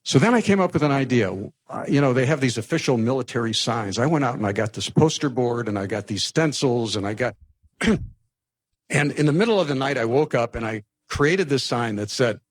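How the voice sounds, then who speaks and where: An older man from the United States telling a personal story to a live audience, lively and anecdotal with frequent restarts. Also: mid-range voice, normal speed. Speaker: speaker telling his life story.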